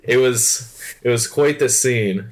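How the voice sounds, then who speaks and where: A young man co-hosting a podcast, reacting to stories with short replies and loud laughs. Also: mid-range voice, slow pace, slight background noise. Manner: laid-back reactions, laughs loudly. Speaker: podcast co-host. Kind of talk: casual chat.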